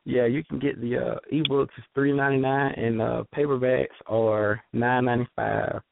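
A man from Georgia with a Southern accent, a guest author chatting in a halting, rambling way with many fillers, heard over a phone line. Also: medium pitch, flat delivery, creaky, slight background noise. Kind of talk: casual call-in chat.

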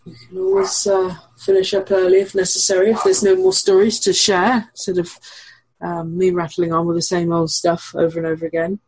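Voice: medium pitch, flat delivery, fairly quick, a little mellow, husky, low-quality recording. A co-host chatting casually from home in an easygoing, rambling way with frequent chuckles. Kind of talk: casual call-in chat. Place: home with dogs nearby.

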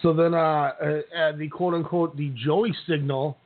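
High-voiced man, rambling and jokey. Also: fairly even intonation, moderate pace. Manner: rambling, jokey, with many restarts. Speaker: podcast co-host. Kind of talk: casual chat recapping a reality show. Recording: tinny phone-like line.

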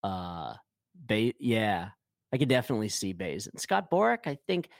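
A man's voice: lowish voice, sing-song, normal speed, gravelly, no room sound, clean studio sound. A man co-hosting a podcast in casual hockey chat, rambling with many fillers and restarts. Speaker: podcast co-host.

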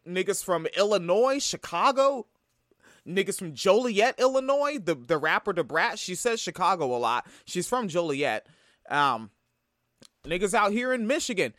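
A man's voice: high-pitched, pushed and bright, dry recording, studio quality. A man from Tacoma giving a profane, heated reaction commentary. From Tacoma, Washington. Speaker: video commentator.

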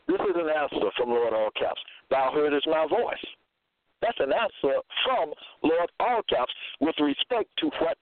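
A man's voice: mid-range voice, no echo. Man preaching over a tinny phone line. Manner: reads verses slowly, repeats "okay?". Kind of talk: scripture-quoting sermon.

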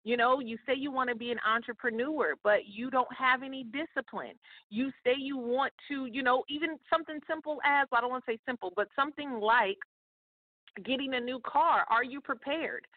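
A woman with a high-pitched voice hosts a morning podcast as a success coach, speaking at normal speed. She's chatty, motivational and a bit preachy, talking directly to listeners. The audio is dry and tinny, like a phone line, with no room sound.

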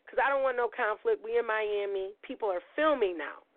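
A middle-aged woman hosting a podcast, telling a story in a loud, profane, animated way and acting out the quotes, her voice a little gravelly as it recovers. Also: a little high, a little fast, no room sound. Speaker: podcast host. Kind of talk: storytelling monologue. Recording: tinny phone-like line.

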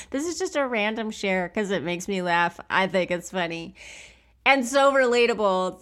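A woman's voice: medium pitch, a bit bright. A woman hosting a podcast, talking casually and laughing often as she tells stories. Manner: chatty, laughs often, acts out quoted people. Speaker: podcast host.

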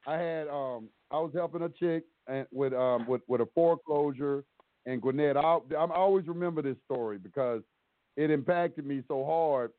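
A man's voice: fairly high pitch, moderate pace, no echo. A man telling stories casually on a call-in show, acting out both sides of the dialogue. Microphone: phone call. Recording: tinny dry phone line.

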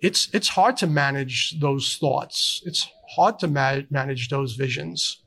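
Guesting on a live podcast at a trade conference, a middle-aged man who works as a fire service counselor gives a candid, conversational interview. His mid-range voice is gravelly and sharp with a breathy edge, and he speaks earnestly but haltingly, with many restarts.

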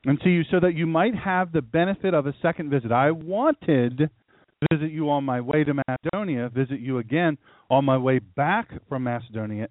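A man preaching a sermon in a lively, conversational way, talking directly to his congregation. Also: mid-range voice, dry recording. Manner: animated, conversational preaching with asides to the room. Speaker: pastor. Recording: tinny phone-like sound.

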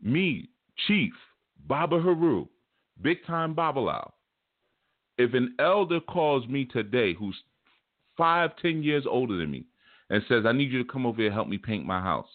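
A man hosting a show, telling a story in a relaxed, rambling way and acting out what people said. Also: mid-range voice, moderate pace, no room sound. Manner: relaxed storytelling, repeats "man", acts out quotes. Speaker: spiritual teacher and show host. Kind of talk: casual monologue. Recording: dry phone-like sound.

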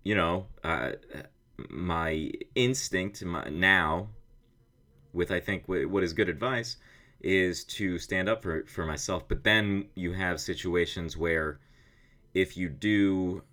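A rambling American man hosts his podcast with a strikingly deep, low voice. He talks in a loose, self-mocking way, swearing casually as he wanders from thought to thought. He sounds roughly thirty. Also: takes it slowly, fairly bright tone. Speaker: podcast host. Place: indoor office studio.

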